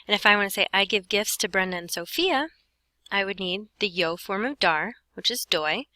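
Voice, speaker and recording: Woman Spanish teacher, step-by-step explainer, bright tone, dry recording. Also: medium pitch, expressive, moderate pace, no echo, low-quality recording. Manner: explains step by step, talks to herself while writing. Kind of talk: lesson walkthrough.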